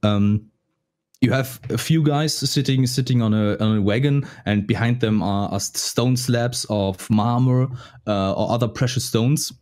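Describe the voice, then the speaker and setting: A man's voice: medium pitch, a little slow, a little mellow. A man with a German accent narrating a tabletop game as dungeon master, often restarting and repeating words.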